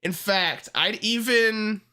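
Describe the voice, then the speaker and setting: A streamer ranking characters in casual livestream commentary, excitable and heavily profane, swinging between ranting and laughing. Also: medium pitch, takes it slowly.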